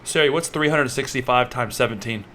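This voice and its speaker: A man's voice: mid-range voice, fairly quick, slight background noise. A young man vlogging to camera, telling a story in a loose, rambling way full of fillers and acting the scene out. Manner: animated, acts scenes out with gestures and repeats.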